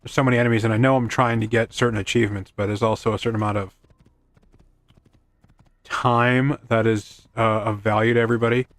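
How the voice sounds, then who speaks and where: With a fairly low, level voice and a brisk pace, a man streams a video game, offering loose commentary, poking fun at himself, and talking to his horse in the game. There's no room sound.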